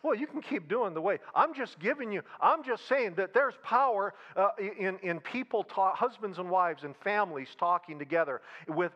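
A man's voice: on the high side, a bit bright, lo-fi sound. A man preaching a sermon in a conversational style, repeating phrases and slipping in humor. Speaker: pastor.

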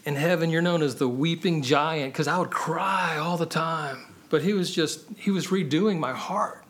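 A man's voice: fairly high pitch, moderate pace, a bit bright. Earnest man telling his faith story. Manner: earnest, storytelling, peppers speech with "man" and "you know". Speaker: podcast guest sharing his testimony. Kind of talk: casual personal testimony.

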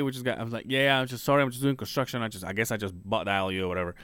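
A male podcast host rambles through a story in casual chat, swearing and laughing as he goes. His voice sits at a middle pitch and sounds dry and close to the mic. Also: very fast, bright, forceful tone, clean tone, no echo.

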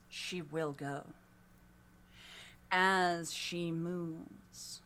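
A woman voicing a solemn female naiad oracle, intoning slowly in a low, half-whispered voice. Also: a bit bright, slight background noise, heavily acted.

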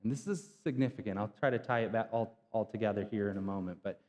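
A man's voice: on the low side, quick pace, darkish tone. A man preaching a conversational sermon, retelling scripture in casual everyday slang. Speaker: pastor. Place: church sanctuary. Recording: long hall reverb.

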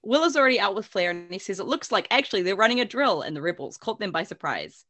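Lively woman recapping a story. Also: mid-range voice, fast. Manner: giggly, lively, swears casually. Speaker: podcast host summarizing a book. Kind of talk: casual chat, recapping chapters.

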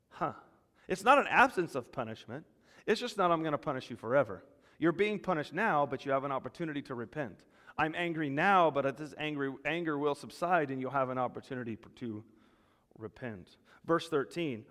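Male pastor, mid pitch, emphatic preaching in a church hall with long reverb. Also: a little fast. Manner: animated preaching, rising loud when voicing God's words. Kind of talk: sermon.

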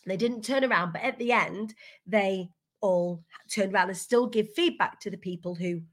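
A woman, a guest speaker giving a candid, energetic motivational talk over a video call, swearing casually. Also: medium pitch, moderate pace.

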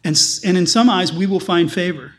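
A man's voice: high voice, a little fast. A man, a pastor, preaching a sermon with emphatic, repeated phrases.

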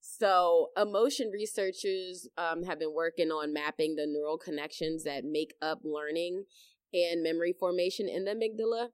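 A young adult woman co-hosting a casual chat, telling stories with lively acted-out reactions and frequent laughter. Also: fairly low pitch, normal speed, clear, resonant tone, no echo. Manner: animated storyteller, acts out her own reactions loudly, laughs often. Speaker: podcast co-host.

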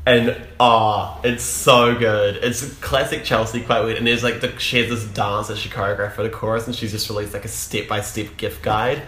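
A man's voice: fairly low pitch, level tone, normal speed, hardly any pauses, pushed and bright, a little hiss or hum. A man co-hosting a podcast in casual chat, gushing and enthusiastic, with lots of "like" fillers. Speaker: podcast co-host. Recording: roomy echo.

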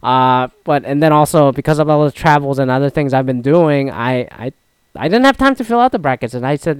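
Smooth-voiced man in rambling sports chat. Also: mid-range voice, animated, fairly quick, no room sound. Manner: rambling, profane, frequent restarts. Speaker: podcast host. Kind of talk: casual solo sports chat.

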